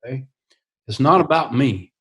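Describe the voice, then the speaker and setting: A man's voice: medium pitch, expressive, moderate pace, a bit bright. Earnest storytelling man, laughs a lot. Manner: earnest, laughs often while talking. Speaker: guest, attack helicopter pilot and author. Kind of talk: casual podcast storytelling.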